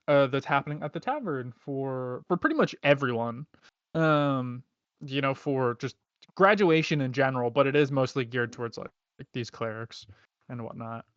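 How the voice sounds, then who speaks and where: A man's voice: mid-range voice, no echo. A man narrating a tabletop game as game master, in a laid-back, rambling way with many fillers, heard on a dull, lo-fi recording.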